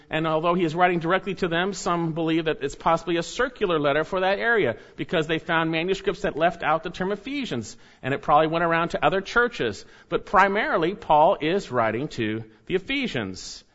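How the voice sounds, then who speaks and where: A man delivers a sermon in a voice pitched somewhat high for a man, earnest and measured. He leans into key phrases as he teaches. The recording is dull and lo-fi. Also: fairly bright tone. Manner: earnest preaching, reads scripture aloud with rising emphasis. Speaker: pastor.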